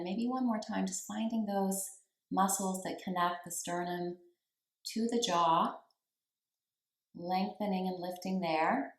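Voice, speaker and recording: A woman leads a yoga class in a slow, unhurried voice that sits a little low. She gives calm cues for breath and posture and leaves long pauses between them. The room around her is echoey. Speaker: yoga teacher. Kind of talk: guided yoga class instruction.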